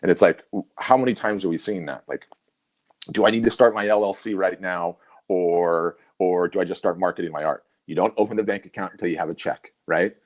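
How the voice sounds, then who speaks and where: A man's voice: low-pitched, brisk. A middle-aged man co-hosting a casual webinar, telling stories animatedly, with many restarts. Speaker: co-host.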